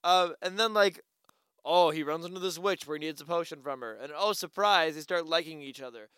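A man's voice: on the high side, a little fast, a bit bright, clean tone, no room sound. A man chatting casually about a movie, blunt and swearing when something annoys him. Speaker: movie reviewer. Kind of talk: casual chat.

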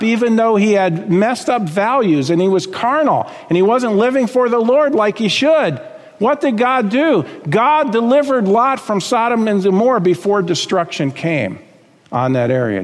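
Male preacher, high-pitched and emphatic, voice swinging up and down, reverberant sanctuary sound. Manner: emphatic, rises high on key words then drops low. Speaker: pastor. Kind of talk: sermon.

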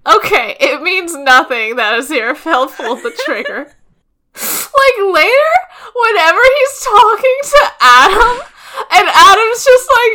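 A woman co-hosting a podcast in casual chat, emphatic and expressive, with frequent laughter. Her voice is high and bright. She builds her points with growing emphasis. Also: a little slow. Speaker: podcast co-host. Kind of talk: casual chat recapping a TV episode.

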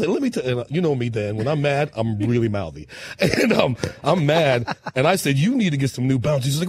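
Husky man telling wild stories. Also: mid-range voice, fast, no room sound. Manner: lively storyteller, laughs through punchlines, acts out quotes. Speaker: musician guest. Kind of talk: animated storytelling on a talk show.

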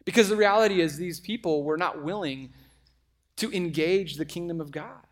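A middle-aged man preaching a sermon, conversational and animated, with frequent asides to the congregation. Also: a little high, moderate pace. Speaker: pastor.

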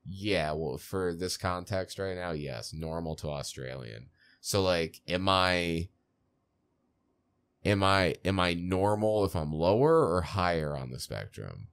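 Deep-voiced young man rambling on a podcast. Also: expressive, a bit bright, clear, resonant tone. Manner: rambling, halting phrasing. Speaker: podcast co-host. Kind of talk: casual chat.

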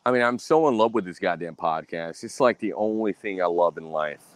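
A man's voice: animated, brisk. Cursing, boastful man on a podcast. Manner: angry, boastful, heavy cursing, repeats himself; mimics others in a high voice. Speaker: podcast host. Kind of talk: profane solo podcast rant.

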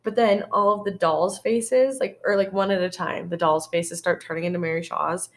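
A woman's voice: on the low side, fairly even intonation, moderate pace. Female podcast co-host, loose rambling recap voice, casual and profane. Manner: rambling storyteller, heavy on "like" and swearing.

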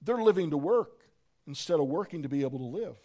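Man preaching, high voice, soft passages, shouted peaks. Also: expressive, brisk. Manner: swings from soft hush to shouting. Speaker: pastor. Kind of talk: sermon.

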